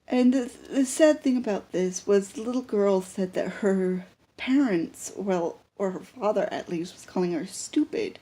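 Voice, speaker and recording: A young woman vlogs unscripted into a handheld camera, rambling with plenty of fillers and restarts. Her voice is mid-range and mellow, with a breathy edge.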